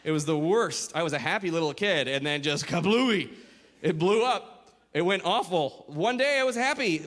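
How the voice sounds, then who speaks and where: Male stand-up comic, high and animated, shouting punchlines, live hall reverb. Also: unhurried. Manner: animated, shifts into silly voices, shouts punchlines. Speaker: stand-up comedian. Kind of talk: stand-up comedy set. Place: comedy club stage with a live audience. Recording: hall reverb, audience noise.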